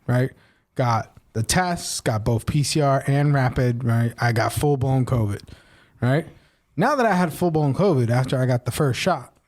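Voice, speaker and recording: A man co-hosting a podcast, telling a long personal story in casual chat and tagging on "right?" a lot. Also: mid-range voice. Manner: animated, repeats "right?" often, acts out quoted voices. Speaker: podcast co-host.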